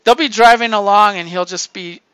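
High, bright-voiced man telling stories with a dull, dry sound. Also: a little fast, clear, resonant tone, dry recording. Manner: profane, laughing storyteller. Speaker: podcast host reviewing comics. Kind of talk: casual comic book review.

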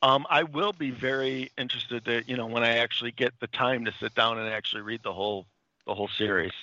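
A man's voice: mid-range voice, fairly even intonation, fast talker, bright, forceful tone, no room sound. A man hosting a casual podcast chat about comics, talking in a rambling, hesitant way full of fillers. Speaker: podcast host reviewing comics. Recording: dull, lo-fi dry recording.

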